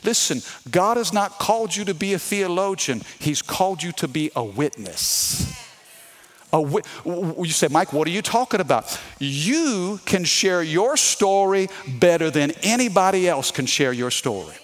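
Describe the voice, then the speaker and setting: A man's voice: high voice, expressive, measured pace. A middle-aged man from Louisiana with a Louisiana Southern accent, preaching a sermon emphatically and calling out to the congregation to answer him. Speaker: pastor.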